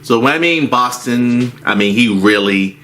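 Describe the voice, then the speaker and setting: A man's voice: mid-range voice, expressive, measured pace, pushed and bright, a little hiss or hum. A man telling a rambling story from his movie theater job as a casual rant, with frequent restarts.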